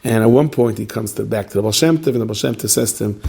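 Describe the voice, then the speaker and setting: A man's voice: lowish voice, fast, gravelly, few pauses, dark tone, breathy edge. A man, a rabbi, telling a story in a sermon, chatty and full of joking asides, with Yiddish and Hebrew words mixed into his speech.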